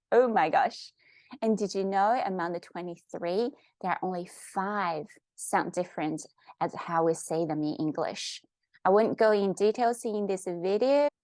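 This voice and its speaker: Woman language teacher, unhurried and upbeat, dry close sound. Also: medium pitch, a little mellow, dry recording. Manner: upbeat, coaxing, asks the viewer questions. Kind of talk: online language lesson.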